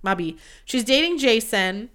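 A young woman talks alone on her podcast in a loose, confessional ramble, swearing freely as she goes. Her voice is bright and sits a little high. She sounds candid and unguarded. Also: animated, measured pace, smooth. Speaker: podcast host. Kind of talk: casual solo podcast chat.

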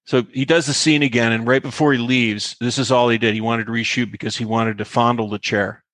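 A man's voice: medium pitch, fairly quick, no echo. A male actor as interview guest, telling behind-the-scenes anecdotes with lots of fillers and acted-out quotes. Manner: animated anecdote teller, acts out quotes, many fillers. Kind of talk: storytelling interview.

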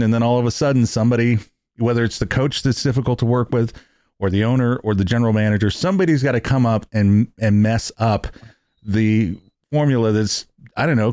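A man's voice: medium pitch, fairly quick, a little mellow, no room sound, clean studio sound. A man hosting a casual podcast chat, rambling and correcting himself as he talks. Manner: rambling, restarts and self-corrections.

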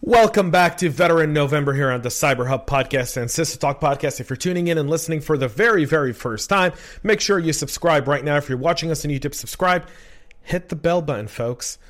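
A man's voice: on the high side, brisk, fairly bright tone. A man hosting a casual podcast interview, chatty and rambling, often repeating words. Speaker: podcast host.

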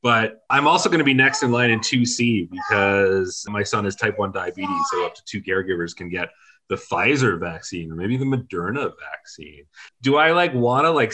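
A man improvising a comedy sketch. His voice is bright and forward. He talks loosely and slangily, packing in fillers. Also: fairly low pitch. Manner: casual, filler-heavy slangy delivery.

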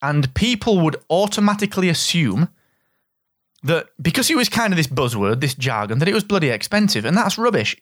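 A middle-aged man with a Northern English accent, hosting a solo business podcast in an energetic, straight-talking, jokey way. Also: a little high, brisk, dry recording, clean studio sound. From Northern England. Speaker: podcast host.

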